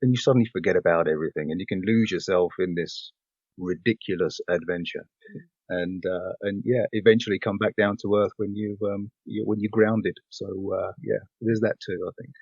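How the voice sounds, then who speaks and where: A man's voice: deep voice, steady tone, a little fast, a little mellow, no room sound, muffled recording. An English man, a voiceover actor, talking casually as a podcast guest, with lots of fillers, restarts and laughter. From England. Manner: chatty, laughs often, many fillers and restarts.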